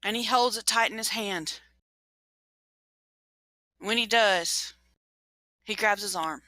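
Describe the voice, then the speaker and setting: A woman game master telling a spooky tale with dramatic, halting narration. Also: medium pitch, pushed and bright, no echo, poor audio. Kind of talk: storytelling in a tabletop game session.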